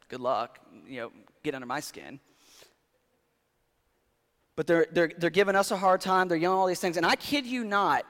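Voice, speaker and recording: A male pastor preaching a sermon in a conversational, animated storytelling way, swinging from loud to quiet. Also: a little high. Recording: long hall reverb.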